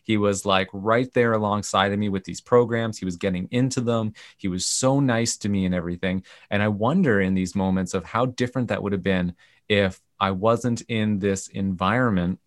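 A man, a camp organization's CEO, telling animated stories in a podcast interview and acting out the people in them. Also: fairly low pitch, moderate pace, no room sound, clean studio sound. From Canada. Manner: animated retelling with quoted voices.

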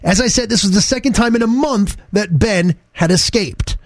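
Playful high-pitched radio co-host man. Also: normal speed, dry recording. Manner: playful, teasing, storytelling. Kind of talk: morning radio banter.

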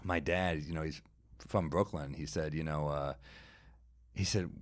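A man in his thirties hosting a podcast, musing in a low-key casual way. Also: fairly even intonation, unhurried. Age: 30s. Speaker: podcast host.

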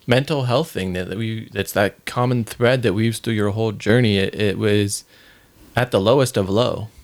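A man's voice: on the low side, normal speed. A man in casual conversation, speaking in a supportive, reflective way with hesitant restarts.

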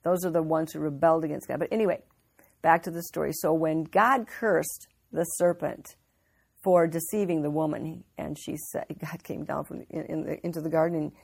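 A woman's voice: low-pitched, steady tone, moderate pace, vocal fry, husky, dry recording. A woman giving an informal Bible teaching, telling the story earnestly with frequent restarts.

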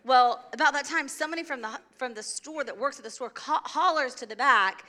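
A woman in her forties with a high, bright voice tells a story to a listener. She gets lively and laughs, now and then acting out her own shouting. The delivery is animated and conversational. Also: fairly quick, few pauses.

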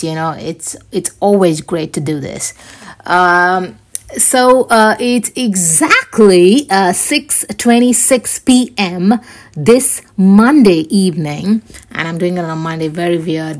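A woman hosting her own podcast, chatting casually on her own and rambling with many fillers and restarts. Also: fairly low pitch. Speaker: podcast host. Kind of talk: casual solo podcast chat.

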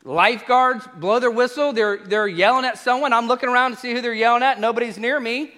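A man preaching a sermon, an animated storyteller who acts out the exchanges he describes. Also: very high voice, brisk. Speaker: pastor. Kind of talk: sermon with humorous travel stories. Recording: echoey hall reverb.

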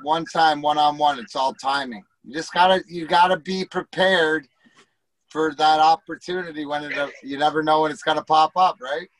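Middle-aged guy rambling thru old hockey stories, swears a lot, voice sits a bit high, dry close sound. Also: level tone, normal speed, no echo, rough recording. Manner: profane, rambling anecdotes with acted quotes. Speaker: former hockey player, guest. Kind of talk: casual storytelling.

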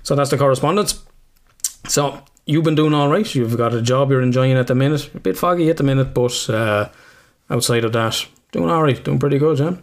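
A man's voice: medium pitch, a little fast. An Irish man co-hosting a podcast, his voice sitting in an ordinary middle register. He rambles through stories, drops curses freely and chuckles at himself as he goes. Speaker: podcast co-host. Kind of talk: casual podcast chat.

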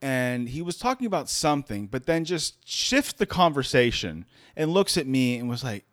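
A man's voice: mid-range voice, normal speed, dry recording. A man telling a story in casual chat from a makeshift home studio. He laughs often, restarts his sentences and jumps into quoted voices. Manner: animated, laughs a lot, many restarts.

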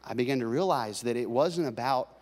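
A male pastor preaching a sermon, swinging between loud, driving passages and quiet, confiding talk with his congregation. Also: medium pitch, brisk. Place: large church hall. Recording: long hall reverb.

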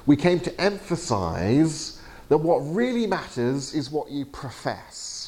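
A man lecturing to a class in a halting, chatty way, with many fillers and restarts. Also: on the high side, very animated, darkish tone. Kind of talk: teaching session. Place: lecture room.

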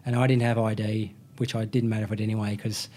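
A man's voice: on the low side, flat delivery, quick pace, mellow. An Australian man in his thirties, a motorcycle racer telling a rambling story in casual chat, full of slang and restarts. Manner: rambling, self-correcting anecdote with slang.

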